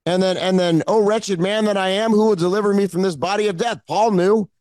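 A man's voice: high-pitched, steady tone, a little fast, darkish tone, no echo. A man preaching a fervent sermon as pastor, repeating his phrases and growing emotional.

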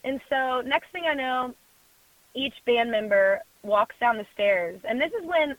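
A young adult woman, a guest in an interview, telling a personal story in a lively way, acting out other voices and laughing often. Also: medium pitch, dry recording. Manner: animated storyteller who acts out quoted voices and laughs often. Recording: phone-like dry sound.

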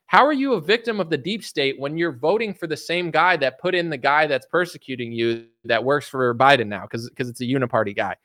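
A man's voice: a little high, a little fast, hardly any pauses, fairly bright tone, no room sound, studio quality. A man giving a blunt, sarcastic political commentary rant, mocking and casual.

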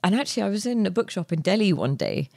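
A young woman, a guest author, telling her story in a relaxed interview, chatty with many fillers and restarts. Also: medium pitch, quick pace, creaky, no echo, studio quality.

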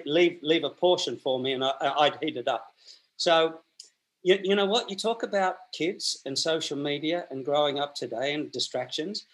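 Rambling man, higher-pitched voice. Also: fairly bright tone. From Australia. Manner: rambling, restarts and repeats words, colloquial. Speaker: guest. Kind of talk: storytelling in a conversational interview.

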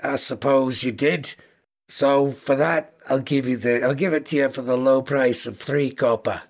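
A man voicing a small, foul-mouthed male kobold who sells newspapers, with a thick Scouse accent and a gruff, chummy manner. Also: medium pitch, steady tone, unhurried. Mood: grumbling.

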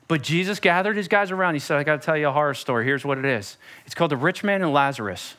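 A man preaching a sermon as pastor, animated and conversational with a playful edge. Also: high-pitched.

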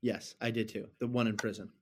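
A man chatting casually about a film, animated and rambling, with mocking asides. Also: on the low side, brisk, a little hiss or hum.

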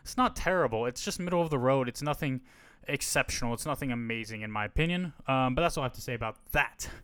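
A man's voice: medium pitch, fast, fairly bright tone, clear, resonant tone, no room sound. A man hosting a podcast, giving a casual, rambling and frank movie review on a close mic. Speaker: podcast host.

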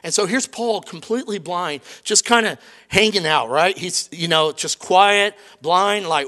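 A middle-aged man preaching a sermon in a conversational, animated way, acting out quoted lines. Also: high voice, a little slow. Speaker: pastor.

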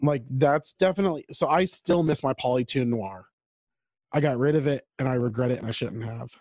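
A man's voice: mid-range voice, a little fast, darkish tone, dry recording, rough recording. A man co-hosting a podcast, chatting casually and rambling about food and guitar gear. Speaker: podcast co-host. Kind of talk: casual chat. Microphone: home mic over video call.

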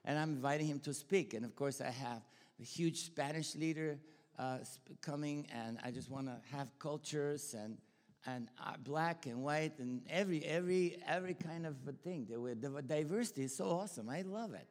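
A man's voice: fairly high pitch, normal speed. An older man from Bulgaria with a Bulgarian accent, preaching informally in a rambling, enthusiastic way full of restarts. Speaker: pastor and school leader. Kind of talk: informal sermon with personal stories. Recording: long hall reverb.

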